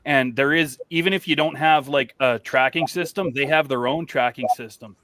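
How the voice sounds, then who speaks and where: A man's voice: mid-range voice, normal speed, a bit bright, no room sound. A man from British Columbia, calling in to a casual chat, swearing constantly and telling loose stories. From British Columbia, Canada. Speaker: guest calling in.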